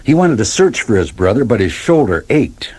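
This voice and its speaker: A man reading a children's story aloud, with lively, expressive narration. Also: medium pitch, moderate pace, slightly rough.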